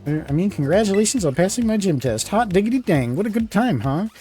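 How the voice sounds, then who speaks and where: Man putting on a high bouncy girl streamer voice, peppy young gym leader, showy, mellow tone, faint music behind. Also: animated, fast. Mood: perky. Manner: bouncy, showy, old-timey catchphrases.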